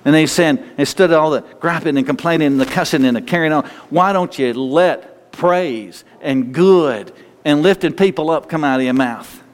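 Speaking at a moderate pace in a fairly high voice, a pastor closes his sermon with a prayer in a church sanctuary. He is fervent and repeats phrases to stress them, and the recording has a long hall reverb.

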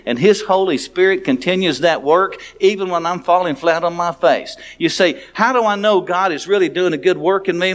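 A pastor preaches to his congregation in a plain, frank, conversational way. His voice sits high for a man. He often stumbles and restarts his sentences as he talks. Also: fairly bright tone. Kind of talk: sermon.

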